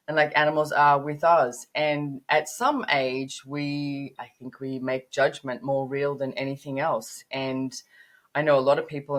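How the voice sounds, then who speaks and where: A woman in her fifties, a podcast guest telling stories about her upbringing in animated, emphatic bursts. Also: very deep voice. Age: 50s. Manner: animated storytelling, rising to emphatic peaks. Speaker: podcast guest, business author. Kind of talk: conversational interview.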